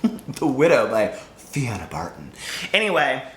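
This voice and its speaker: A chatty man talks to camera about his reading, rambling from one topic to the next. His voice is bright and sharp, with a very lively pitch. The room around him sounds echoey. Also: unhurried. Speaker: book vlogger. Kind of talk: casual chat to camera.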